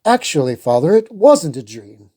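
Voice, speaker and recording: A woman voicing a cheerful, confident young prince who speaks calmly. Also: deep voice, moderate pace, husky, heavily acted. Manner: calm, easygoing.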